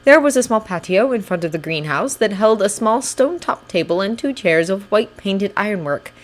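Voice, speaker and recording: A woman reading fanfiction aloud in a steady, even audiobook narration. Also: medium pitch, moderate pace, faint music behind. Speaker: fanfiction reader.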